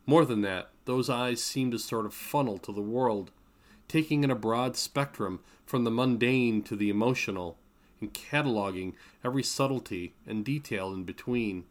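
A man reading his own novel aloud in a measured, steady narration. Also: mid-range voice. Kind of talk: audiobook narration.

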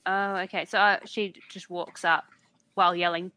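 Bright-voiced woman playing a tabletop game. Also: fairly low pitch, level tone, normal speed. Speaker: player. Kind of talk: tabletop role-play chat.

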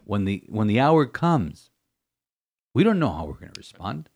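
A man's voice: fairly low pitch, sing-song, normal speed, vocal fry, darkish tone. A man who is a priest, reflecting on scripture in an emphatic, repetitive way, often restarting his sentences. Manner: emphatic, repeats phrases, stumbles and restarts. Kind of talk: podcast homily-style reflection.

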